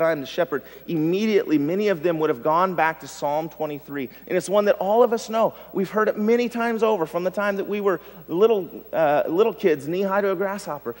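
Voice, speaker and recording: A male pastor preaching a sermon, swinging from loud emphasis to hushed tones. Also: on the high side. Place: church sanctuary. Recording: long reverb of a church hall.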